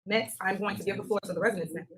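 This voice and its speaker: A woman mayor making informal, rallying announcements at a town hall meeting, her voice going hoarse. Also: medium pitch, fairly even intonation. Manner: brisk, informal, rallying the room. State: losing her voice. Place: village hall meeting room. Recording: noisy public meeting recording.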